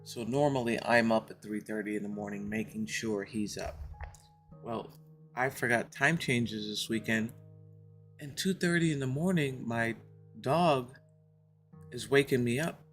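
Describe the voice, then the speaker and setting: A woman's voice: rumbling low, a little slow, faint music behind. A woman streaming a game, chatting casually with her viewers, laughing often and telling stories from home.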